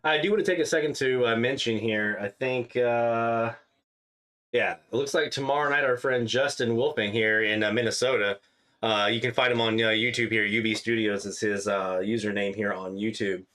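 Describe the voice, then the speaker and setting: A man's voice: medium pitch, normal speed. Chatty man hosting a radio hobby stream. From Louisiana. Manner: relaxed, chatty, many fillers. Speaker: radio DX live stream host. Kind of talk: casual live stream commentary.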